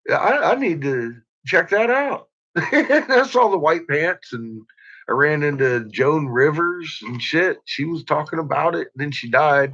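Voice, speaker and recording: A man's voice: a little high, animated, unhurried, a bit bright. A man in casual chat who keeps breaking into laughter, with a crude, profane manner. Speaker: podcast host. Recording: dull lo-fi recording.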